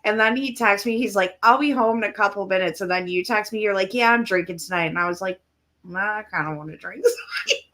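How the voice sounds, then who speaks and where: A woman's voice: mid-range voice, fast, sharp tone. A woman co-hosting a podcast in casual chat, telling stories and acting out text messages. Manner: chatty storyteller who acts out texts. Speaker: podcast co-host.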